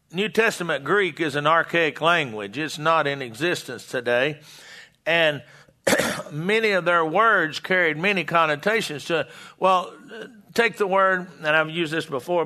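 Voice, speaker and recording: A man teaching a Bible sermon, reading scripture aloud and explaining it, halting and restarting often. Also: on the high side, pushed and bright. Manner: slow, halting, with many restarts and fillers. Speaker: preacher.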